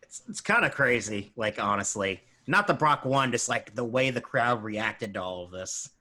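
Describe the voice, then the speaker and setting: A man co-hosts in casual chat with a lively, swooping pitch. His bright voice carries loose, hedging opinions. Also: moderate pace. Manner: animated, hedging with "like". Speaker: podcast co-host.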